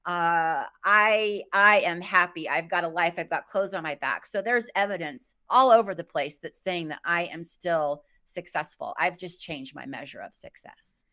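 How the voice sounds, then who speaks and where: A woman's voice: on the low side, moderate pace, hardly any pauses, sharp tone. A woman in her fifties, a guest on a live stream interview, speaking candidly and reflectively with self-deprecating humor.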